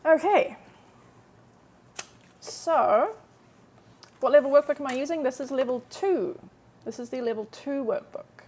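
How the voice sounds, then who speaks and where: A woman teaching Korean in a live-streamed lesson, chatty, explaining step by step and slowing down to model translations. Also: high-pitched, expressive, a little mellow, a little hiss or hum.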